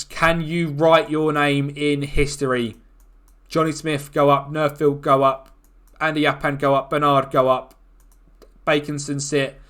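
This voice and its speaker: Excitable man commentating a game. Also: a little high. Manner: excitable, groans and shouts at the match. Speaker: gaming YouTuber. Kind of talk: football management game commentary.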